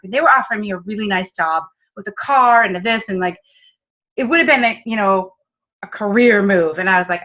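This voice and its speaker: A woman with a Midwestern accent recounts her past in a loose, talkative interview. Her voice is bright and tense, and she throws in lots of asides and fillers. She mocks herself easily and keeps the story rolling. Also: mid-range voice, poor audio. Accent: Midwestern American. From American Midwest. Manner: chatty and self-mocking, full of fillers and quoted asides. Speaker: business consultant guest.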